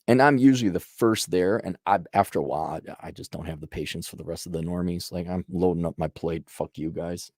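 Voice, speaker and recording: A man's voice: deep voice, fairly quick, hardly any pauses, darkish tone, no room sound, clean studio sound. A man giving blunt, profane life advice in a sarcastic monologue.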